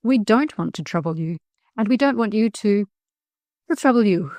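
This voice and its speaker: A woman's voice: medium pitch, animated, normal speed, a little mellow, no echo, close to an everyday voice. A woman voicing a polite, scheming young schoolboy who talks earnestly and sweetly. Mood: wheedling.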